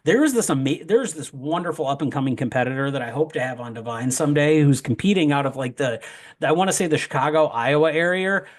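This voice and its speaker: A man's voice: a little high, animated, fast. A young man talking in a casual podcast chat, rambling with joking asides and plenty of fillers. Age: young adult. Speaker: wrestling promoter guest.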